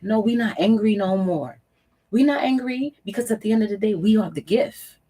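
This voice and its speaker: A woman's voice: medium pitch, expressive, normal speed, dark tone, slightly rough, poor audio. A woman reading tarot on her channel, giving emphatic, preachy spiritual advice straight to camera, repeating phrases for weight and swearing casually. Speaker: tarot reader and channel host.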